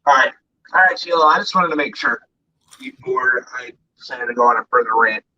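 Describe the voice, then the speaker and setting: A man's voice: mid-range voice, brisk, sharp tone, a little hiss or hum. A man ranting angrily and profanely as co-host of an online talk show, speaking from his bedroom. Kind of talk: angry political rant. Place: bedroom at home. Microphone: distant from mic. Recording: dull lo-fi audio.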